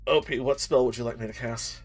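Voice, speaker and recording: A man's voice: mid-range voice, steady tone, fairly quick, darkish tone, breathy edge, faint music behind. A man streaming as game master, chatting casually before the session, rambling and self-mocking, joking and swearing freely.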